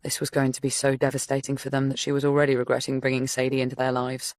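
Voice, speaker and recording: A woman narrating a story audiobook in a measured, steady reading voice. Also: a bass voice, no room sound, studio quality. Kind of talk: scripted narration.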